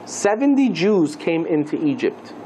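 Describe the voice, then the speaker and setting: A man teaching a class as a rabbi, lively and playful, asking the listeners questions and mixing Hebrew terms into his lesson. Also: fairly high pitch, measured pace, slight background noise, rough recording.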